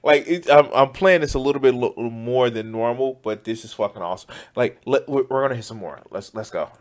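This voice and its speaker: A man's voice: medium pitch, fairly quick. A man giving loose, profane reaction commentary as a streamer, often exclaiming and laughing. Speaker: streamer reacting to news clips.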